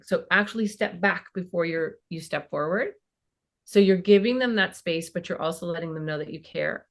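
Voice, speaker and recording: In her fifties, this child and family therapist speaks casually as a podcast guest, acting out snippets of conversation between parents and teens. Her voice sits on the lower side and moves at a normal speed.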